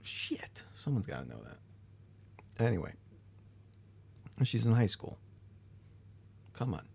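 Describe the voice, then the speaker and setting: A man's voice: lowish voice, sing-song, takes it slowly, vocal fry, a little mellow, slightly rough. A tired man hosting a livestream, chatting casually with his chat, rambling and swearing now and then. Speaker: livestream host. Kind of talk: casual chat reading live chat.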